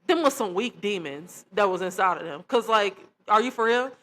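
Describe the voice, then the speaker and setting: A young woman vlogger telling a personal testimony to her viewers in an animated, emphatic way, often calling them y'all. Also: medium pitch, normal speed. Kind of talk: casual storytelling to camera.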